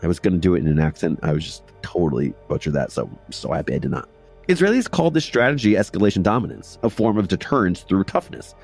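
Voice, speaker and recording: A man with a fairly low voice narrates history in a lively, swinging delivery, repeating phrases for emphasis and breaking off for casual asides. Faint music plays softly behind him. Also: fast talker, gravelly, breathy edge. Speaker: history podcast host.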